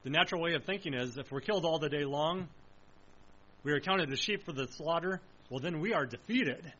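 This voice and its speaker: High, bright-voiced man preaching a sermon. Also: dull audio. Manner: earnest, emphatic preaching, slowing on key phrases.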